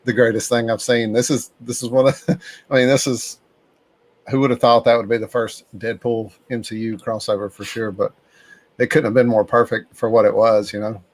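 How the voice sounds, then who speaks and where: A man co-hosting a casual podcast chat, talking excitedly and laughing often. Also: mid-range voice, normal speed, no echo. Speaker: podcast co-host.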